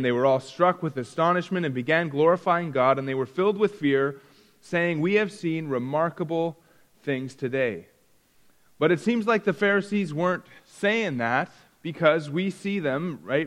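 Man, Bible class teacher, slightly high voice, chatty and questioning, reverberant hall. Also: a bit bright. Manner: conversational, asks the class questions. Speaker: Sunday school teacher.

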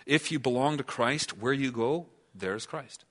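An earnest male preacher delivering a sermon at a medium pitch. He keeps asking his listeners questions and now and then sinks into a quiet, near-whispered hush. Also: unhurried. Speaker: pastor.

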